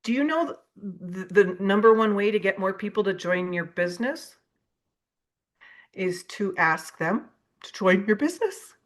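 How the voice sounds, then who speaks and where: A woman's voice: mid-range voice, a little slow. A woman giving a motivational keynote on sales psychology over a video call, acting out sample invitation messages. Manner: animated, acts out sample messages to prospects. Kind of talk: motivational sales training talk.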